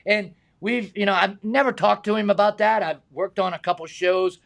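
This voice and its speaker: Guy, middle-aged, kinda high and gravelly, laughing through stunt stories and doing everyone's voices. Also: moderate pace. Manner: animated anecdotes, acts out quoted voices, laughs often. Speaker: stunt man and high diver, guest. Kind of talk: casual storytelling interview.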